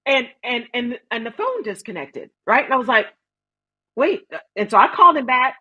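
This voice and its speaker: On dull lo-fi audio, a woman from Texas hosts an interview show, telling a story from her own life and encouraging her guest. Her husky, fairly high voice swings widely in pitch at a moderate pace.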